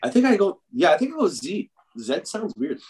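A man's voice: high voice, sing-song, brisk, background noise. A man with a Canadian accent, a podcast guest in casual chat, laughing often and swearing freely.

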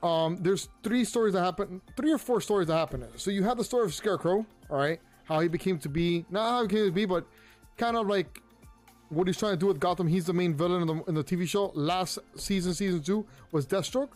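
A man with a high voice reviews things casually on his own show, rambling and circling back with ums and repeated words. Faint music runs quietly underneath him. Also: brisk. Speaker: pop culture show host. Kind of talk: casual solo review talk.

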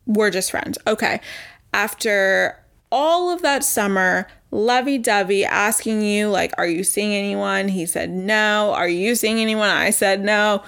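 A young woman telling a personal story in a casual storytime monologue, animated and exasperated, swearing freely and acting out what people said. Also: medium pitch, gravelly.

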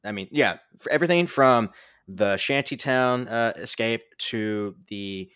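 A man co-hosting a casual movie review chat, animated, swearing freely and filling gaps with "like" and "um". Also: lowish voice, a little slow, clean tone, dry recording, studio quality. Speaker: podcast co-host.

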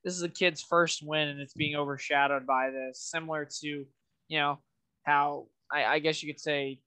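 A man's voice: a little high, fairly even intonation, normal speed, sharp tone, clean tone. A man co-hosting a podcast in casual chat, rambling and leaning heavily on "you know" fillers. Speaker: podcast co-host.

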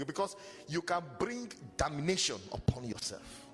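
A man preaching a sermon as pastor, animated and storytelling with mocking asides. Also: on the high side, moderate pace, long pauses. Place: church hall. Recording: long hall reverb with faint music.

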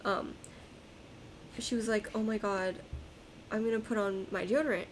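A young woman tells a story on a podcast in a casual, exasperated tone. Her voice sits at an ordinary pitch, with a faint hiss behind it. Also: fairly even intonation, normal speed, low-quality recording. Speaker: podcast co-host. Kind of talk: casual chat.

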